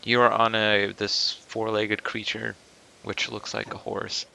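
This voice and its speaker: A man's voice: on the low side, completely flat delivery, unhurried, creaky, sharp tone, a little hiss or hum. A man narrating a tabletop game as game master, hesitant with many ums and restarts.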